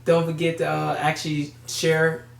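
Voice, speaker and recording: A woman chatting casually to the camera in a relaxed way while reacting to a video. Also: low voice, moderate pace, vocal fry. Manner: relaxed, laid-back talk. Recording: roomy echo.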